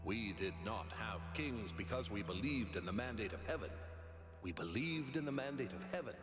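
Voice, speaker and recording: Brief: male actor as a scholarly robot sage, lecturing calmly, echoing over game music. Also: on the low side, lightly acted. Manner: measured, lecturing. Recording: game audio with reverb and music.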